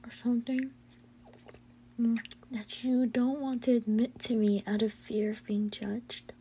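A woman's voice: fairly high pitch, little pitch movement, measured pace, slight background noise. A woman playing a teasing girlfriend in whispered role-play. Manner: breathy whispers with soft hums and giggles. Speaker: audio role-play performer.

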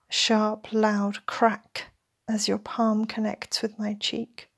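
A woman reads a first-person story as a whispered role-play, her voice breathy and edged with gravel. She speaks slowly, in a fairly high and flat tone. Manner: slow, intimate first-person narration.

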